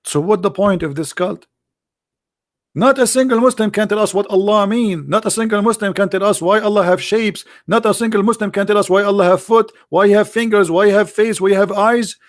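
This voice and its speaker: Taking calls on his livestream, a man mocks a religious debate with sarcastic commentary, shooting out rhetorical questions in non-native English. His voice sits high and his pace is fairly quick.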